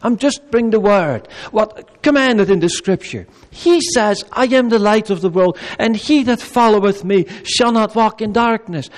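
A male pastor delivering a sermon, swinging between raised, urgent appeals and low, quiet pleading, with measured pauses and repeated phrases. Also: expressive. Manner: preaching with wide swings between loud high appeals and low quiet pleas.

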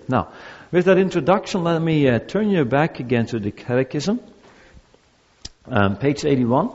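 A man's voice: medium pitch, a little mellow, husky. A male pastor preaching a sermon to his congregation in an earnest, repetitive cadence. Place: church. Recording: dull, echoey church recording.

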